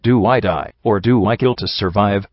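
A man voicing a calm, sorrowful male pony priest in an audiobook reading, speaking in a measured, gently reasoning way. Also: lowish voice, breathy edge, no room sound. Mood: solemn. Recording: dull lo-fi dry recording.

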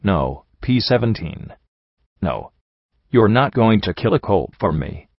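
A man reading a storybook, voicing a gentle male unicorn who speaks quietly and firmly. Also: on the low side, sing-song, unhurried, no echo, full character voice. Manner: soft, quiet, firm. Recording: dull dry recording.

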